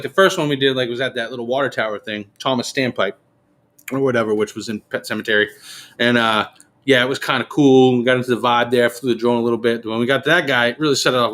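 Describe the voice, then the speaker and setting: A man telling a story in a casual podcast chat, swearing freely and acting out what people said. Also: medium pitch. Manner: animated, profane, acts out quotes.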